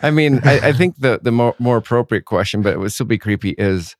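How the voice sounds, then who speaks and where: A man co-hosting a casual podcast chat, playful and animated, who throws in sound effects. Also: mid-range voice, a little fast, no room sound, clean studio sound. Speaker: podcast co-host.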